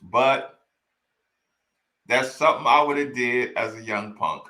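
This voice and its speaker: A man's voice: medium pitch, a little slow, pushed and bright, reverberant. A man talking casually as a host, laughing often and repeating himself while reacting to old game footage. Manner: laughs often, repeats lines, addresses "y'all". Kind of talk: casual chat.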